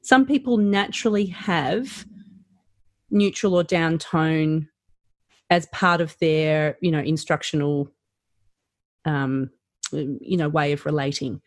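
A woman's voice: slow, pauses often, dry recording. Woman, dry close podcast voice. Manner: animated, rising and falling pitch, lots of fillers. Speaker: practitioner educator. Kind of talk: podcast conversation.

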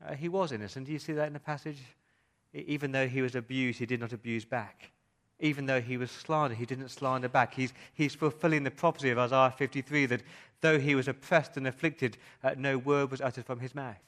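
A male pastor delivers a sermon at a middle pitch. He keeps asking the congregation questions, sinks to a near-whisper at times and then builds back up with emphasis. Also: fairly even intonation, brisk, fairly bright tone. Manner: asks the congregation rhetorical questions.

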